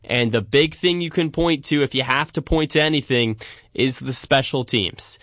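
A man co-hosting a sports podcast, giving emphatic commentary and slowing down to land his points. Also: mid-range voice, a bit bright, dry recording, clean studio sound. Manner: emphatic, slows down for punchlines.

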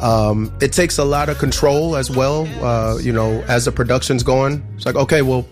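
A man's voice: mid-range voice, moderate pace, faint music behind. A man being interviewed as a musician, talking earnestly and emphatically, often restarting his sentences. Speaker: musician guest. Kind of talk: casual interview talk.

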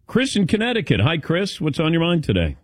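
A man's voice: a little high, brisk, dry recording, studio quality. A man hosting a sports talk radio show, chatting casually and rambling with lots of fillers. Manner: lively, rambling with many fillers. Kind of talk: casual radio chat taking calls.

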